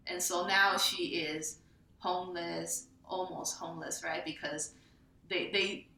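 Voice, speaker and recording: Woman from Taiwan, bright echoey voice. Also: fairly low pitch. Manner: animated, laughing, tags lines with "right?". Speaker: memoir author, guest. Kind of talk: storytelling in an interview.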